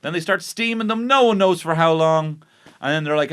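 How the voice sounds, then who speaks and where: A man with an Irish accent, his voice a little high and a bit bright, moves at a quick pace as he hosts a podcast from the studio. He's recapping a baking show in a mock-outraged rant laced with sarcasm and curse words.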